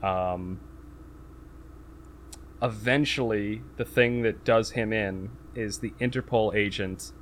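A man's voice: fairly low pitch, takes it slowly, pauses often, a little hiss or hum. A man in casual podcast chat, recapping a movie plot with lots of fillers and restarts. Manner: rambling, many fillers and restarts; acts out quotes in raised voice.

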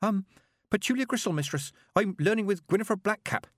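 A man's voice: sits high, lively intonation, brisk, no room sound, clean studio sound, voice pushed up. A man reading an audiobook voices a nervous young female witch apprentice who stammers and hesitates with ums. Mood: timid.

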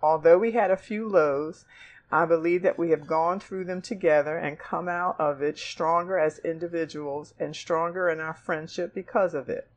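A woman's voice: deep voice, steady tone, moderate pace, muffled recording. A woman co-hosting a talk show, reading a heartfelt letter aloud, emotional and close to tears, with laughs between lines. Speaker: podcast co-host.

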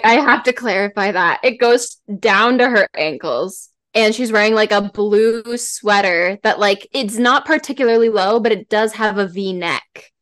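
A woman talks as a guest in a casual podcast chat, gushing with eager, animated enthusiasm. Her voice sits at a middle pitch for a woman. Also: normal speed, few pauses.

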